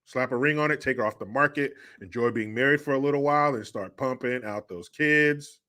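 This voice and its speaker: A man's voice: mid-range voice, fairly quick, bright, forceful tone. A man hosting a livestream, telling family stories in a joking, crude way and laughing often. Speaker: host. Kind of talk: casual livestream talk.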